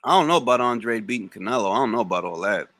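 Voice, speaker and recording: A man hosting a live boxing Q&A, answering chat comments in a blunt, slangy, animated way. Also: medium pitch, quick pace, dry recording. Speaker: boxing talk show host.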